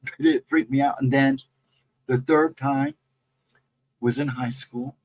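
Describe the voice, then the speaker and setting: A man's voice: medium pitch, steady tone, slow, poor audio. A man casually recounting his own ghost encounters in a rambling, self-correcting way. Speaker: guest storyteller.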